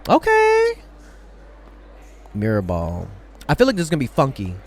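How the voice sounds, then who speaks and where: A young man chatting casually and excitedly as he reacts to a music video on a live stream, using lots of slang. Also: fairly high pitch, moderate pace.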